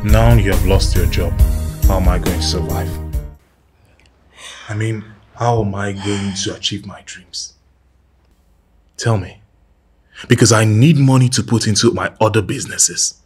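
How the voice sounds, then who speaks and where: An actor with a Nigerian accent playing a frustrated, jobless young man who blames his girlfriend and shouts in outbursts. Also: fairly low pitch, measured pace, long pauses, over music, lightly acted. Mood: bitter. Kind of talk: film drama acting.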